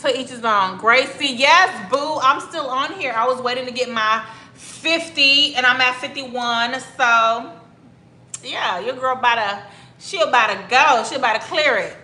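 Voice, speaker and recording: A woman from Miami, hosting a livestream from an echoey room, casually goes through comments, calling out viewers by name and lengthening her words. She speaks in a high-pitched, pushed, bright voice without hurrying.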